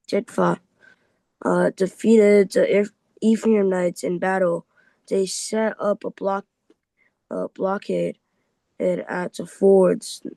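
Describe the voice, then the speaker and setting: Man, student reader, halting, stumbles over hard words, very slow, dry sound. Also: high-pitched, vocal fry, dark tone, no room sound, low-quality recording. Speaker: student reading aloud in a Bible class. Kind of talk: halting reading aloud. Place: church Bible class.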